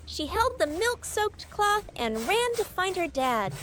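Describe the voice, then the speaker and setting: A woman narrating a storybook tale in a slow, sing-song manner. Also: very high-pitched, big pitch swings, background noise.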